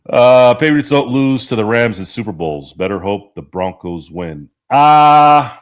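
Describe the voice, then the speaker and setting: Profane, rambling man, lowish voice. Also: lively intonation, a little slow. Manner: rambling, profane, laughs often. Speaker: podcast host. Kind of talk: casual sports chat reading live chat.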